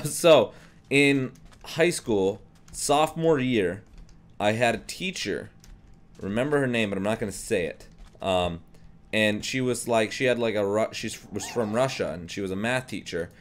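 A young man casually commenting on a video game, rambling and jokey with frequent restarts. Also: on the low side. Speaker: gameplay commentator.

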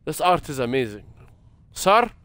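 A man's voice: mid-range voice, animated, a little slow, fairly bright tone, a little hiss or hum. Jumpy young man. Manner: jumpy, swearing, muttering prayers under his breath. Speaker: gaming streamer. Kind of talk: horror game commentary.

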